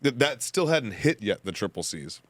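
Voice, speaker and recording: A man's voice: medium pitch, sing-song, normal speed, no echo. A man casually telling a loose, profane story on a podcast. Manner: loose, profane, laughing asides.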